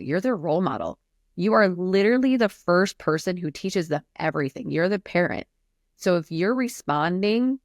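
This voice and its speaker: Low gravelly woman, therapist on a podcast, earnest, really leans into her points. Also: no echo, clean studio sound. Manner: earnest, emphatic, explains at length. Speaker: therapist guest. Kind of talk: podcast conversation.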